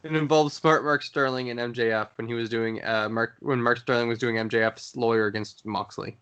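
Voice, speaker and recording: A man co-hosting a casual wrestling chat, lively and acting out quotes. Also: mid-range voice, a little fast, smooth, lo-fi sound. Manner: lively recapper who acts out quotes. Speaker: podcast co-host.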